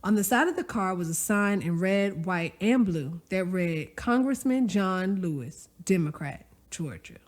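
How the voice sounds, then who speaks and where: A woman narrating a story aloud, expressive and conversational, with folksy asides to the listener. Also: medium pitch, a little slow, few pauses. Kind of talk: audiobook-style story narration.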